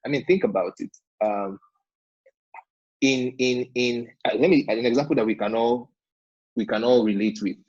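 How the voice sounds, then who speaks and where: Husky man coaching entrepreneurs. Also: mid-range voice, moderate pace, pauses often, a little mellow, no echo. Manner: emphatic, repeats points, checks in with "all right?". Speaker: business funding coach. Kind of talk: seminar talk to entrepreneurs. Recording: dull lo-fi sound.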